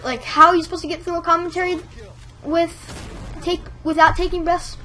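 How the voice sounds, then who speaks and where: A woman's voice: very high-pitched, level tone, brisk, pushed and bright. A woman giving casual tutorial tips in a chatty, rambling way, full of fillers. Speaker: YouTube commentator giving tips.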